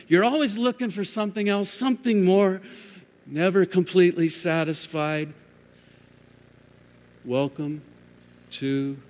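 A man preaching a sermon, his voice sitting a little high for a man. He builds to emphatic, raised peaks and then drops to hushed lines. The sound carries a long reverb from a large hall. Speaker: pastor.

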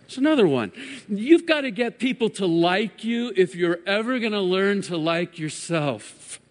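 A man preaching a sermon as pastor, swinging from emphatic raised peaks to hushed, quiet drops. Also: high-pitched, lively intonation, unhurried. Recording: long hall reverb.

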